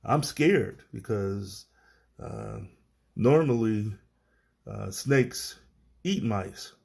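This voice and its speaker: A man's voice: fairly low pitch, expressive, very slow, gravelly, a little mellow, full character voice. A man doing a timid little male mouse. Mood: nervous. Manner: pleading, nervous.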